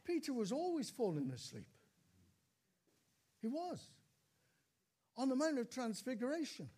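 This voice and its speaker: A man's voice: very high voice, wildly swooping pitch, measured pace, warm tone, husky. A man, older, preaching a sermon in a church, telling stories with dramatic repeats and calls of praise.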